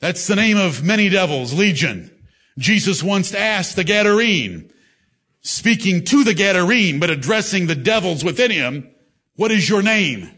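A man preaching a sermon to a congregation, reading scripture with emphatic, drawn-out delivery. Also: high-pitched, lively intonation, sharp tone, breathy edge. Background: congregation responses.

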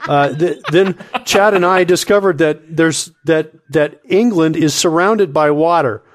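A man telling absurd comic stories on a podcast, rambling and excitable, often laughing at his own tale. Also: on the high side, a little slow. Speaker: comedy podcast regular.

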